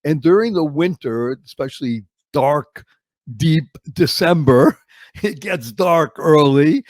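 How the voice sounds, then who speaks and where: A man in his seventies from Boston, telling stories as an interview guest, with dramatic slow-downs. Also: on the high side, no echo. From Boston, United States. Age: 70s. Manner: expressive, with dramatic slow-downs and acted-out quotes. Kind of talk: animated storytelling interview.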